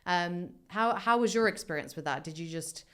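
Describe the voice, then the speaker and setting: A woman's voice: lowish voice, expressive, normal speed, clear, resonant tone. A woman hosting a casual podcast, curious and asking questions, murmuring agreement while her guest talks. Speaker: podcast host.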